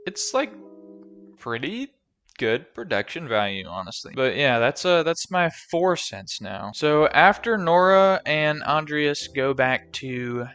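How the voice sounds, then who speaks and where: A man's voice: a little high, animated, a little slow, hardly any pauses, a bit bright, clean tone, soft background music. A young man casually recapping a movie, rambling and joking with lots of fillers.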